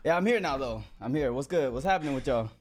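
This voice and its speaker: A man co-hosting in casual banter, loud and playfully teasing. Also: mid-range voice, expressive, fast, a little hiss or hum. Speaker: co-host, pro player.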